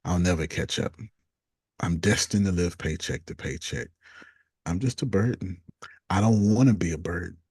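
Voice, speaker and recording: Low, husky man reading self-talk lines. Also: dry recording, clean studio sound. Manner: reads out negative self-talk lines in a flat, deliberate way, with casual slang. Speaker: coach reading statements to a group. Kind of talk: group coaching session.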